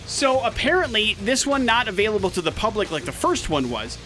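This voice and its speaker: A man hosts a radio show with a bright, slightly high voice. He tells stories in lively banter with joking asides. Faint music plays under him. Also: brisk. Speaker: radio host. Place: radio studio.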